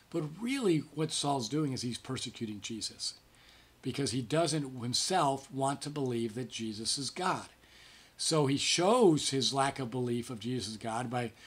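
A male pastor giving a devotional Bible teaching in a conversational way, often checking in with "okay?" and acting out quoted speech. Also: slightly rough. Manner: acts out quoted speech with livelier pitch.

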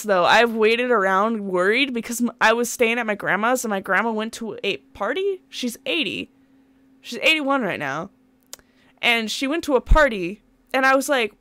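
A woman's voice: fairly high pitch, animated, moderate pace, a bit bright, no room sound. A young woman streaming a dating game, rambling chattily between dialogue lines, laughing and swearing often. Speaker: gaming streamer. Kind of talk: let's play commentary.

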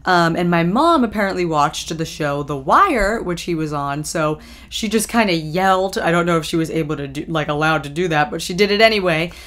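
Chatty young woman with a lowish voice. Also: lively intonation, a bit bright. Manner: chatty and rambling, many ums and likes, quick laughs. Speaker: vlogger. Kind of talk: casual vlog recap.

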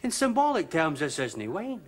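A teasing barman with a slightly high, lively voice. His wit is dry and mocking, and he pokes fun at his drinkers. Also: moderate pace. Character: smart-mouthed barman, wry and teasing.

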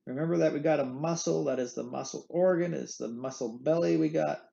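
A man's voice: fairly high pitch, brisk, creaky, dark tone, dull audio. A man teaching an anatomy lecture in a playful way, repeating the key terms. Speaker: anatomy instructor. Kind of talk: recorded lecture.

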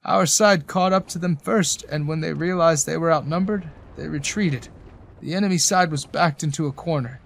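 A man voicing a weary, wise older village man in a spoken story, slow and solemn. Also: fairly high pitch, creaky. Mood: grave. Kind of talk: audiobook character voice.

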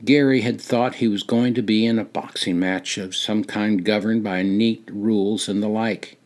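An older man reading his own memoir aloud, slow and deliberate, rising for dramatic moments and dropping to a hush. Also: on the low side, fairly even intonation. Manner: slow, deliberate storytelling with dramatic rises and hushed drops. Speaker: memoir narrator.

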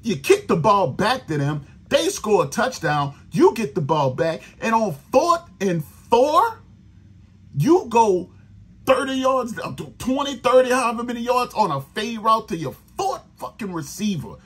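A man's voice: sits high, sing-song, measured pace, a bit bright, husky. A man, hosting a sports podcast, venting in a profane, exasperated rant about his team. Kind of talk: angry fan rant.

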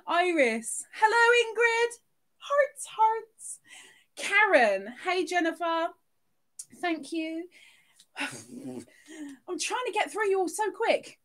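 A woman's voice: extremely high pitch, lively intonation, slow, pauses often, a bit bright. A woman hosting a live stream, reading out viewers' names and chatting casually, with plenty of giggles. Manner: bubbly, giggly, reading chat names aloud.

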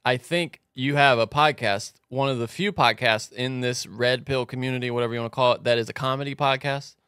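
A man co-hosting a podcast, reacting with quick casual banter. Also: mid-range voice, steady tone, fairly bright tone, clear, resonant tone, dry recording, studio quality. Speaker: podcast co-host.

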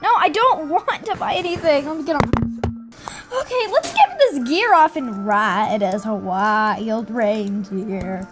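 A young woman giving excited gameplay commentary, giggling and squealing with delight as she plays. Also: on the high side, measured pace, low-quality recording. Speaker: gaming video creator. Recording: game music playing behind.

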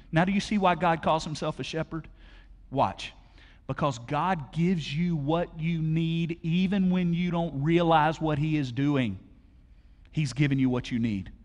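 Preacher, energetic and conversational. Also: male voice, a little high. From Alabama, USA. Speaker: pastor. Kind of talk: sermon. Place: large church auditorium. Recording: long hall reverb.

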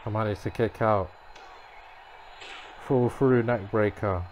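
Slow-talking man reacting to a game. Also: on the low side, fairly even intonation, a little hiss or hum. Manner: reactive, muttering to himself, bursts of frustrated yelling. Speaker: gamer playing a wrestling game. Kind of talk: live gameplay commentary.

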